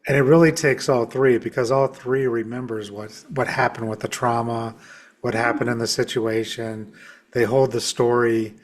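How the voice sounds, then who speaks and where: A man hosting a podcast in a casual conversation, making his points in a measured, step-by-step way. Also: mid-range voice, steady tone. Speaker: podcast host and shamanic practitioner.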